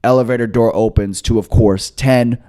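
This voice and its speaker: This young man, mid-range in voice and talking at normal speed, co-hosts a comedy podcast. His storytelling is loose and lively, and he voices each person in the story himself.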